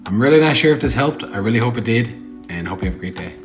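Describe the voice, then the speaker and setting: A man explaining in an earnest, measured way in an informal video. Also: mid-range voice, animated, over music.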